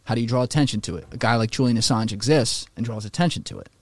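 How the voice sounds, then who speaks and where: A man talking in a casual podcast conversation, animated and opinionated, swearing freely and slipping into mocking voices for quotes. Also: mid-range voice, rapid-fire, no room sound.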